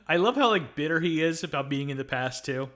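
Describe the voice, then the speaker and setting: Male film podcast co-host with a high, bright tone who laughs and quotes lines. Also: lively intonation, moderate pace. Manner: laughs often, acts out quoted movie lines. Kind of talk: casual film review chat.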